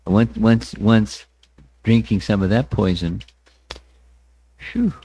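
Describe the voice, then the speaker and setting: A man teaching a scriptural class, speaking deliberately, often repeating words and chanting verses with his listeners. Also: on the low side, mellow, husky. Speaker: spiritual teacher. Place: temple hall.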